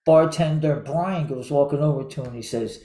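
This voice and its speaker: A man hosts a relaxed chat and tells jokes and stories, chuckling as he goes. His voice sits a little high. The room around him rings with echo. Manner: chuckling storyteller, halting restarts. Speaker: show host. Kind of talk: casual joke-telling chat.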